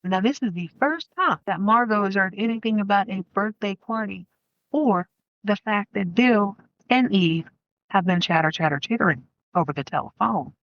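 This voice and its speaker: A woman podcast host walks through an old film in a loose, joking, slangy way, full of side comments. Her voice sits at an ordinary middle pitch. The recording is close and dry, with no room sound. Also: normal speed, no room sound, highs cut off. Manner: playful, slangy storytelling with asides. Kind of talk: casual film review podcast.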